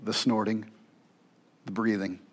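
A man preaching a sermon as pastor, with dramatic swings between loud intensity and hushed near-whispers. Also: fairly low pitch, little pitch movement, unhurried, husky.

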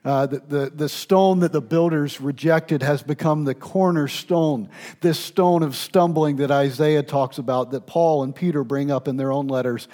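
Guy preaching a sermon, slightly high voice, goes loud then drops way quiet. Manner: dynamic, swings from loud emphatic to hushed and intimate; speaks with restarts and fillers. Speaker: pastor.

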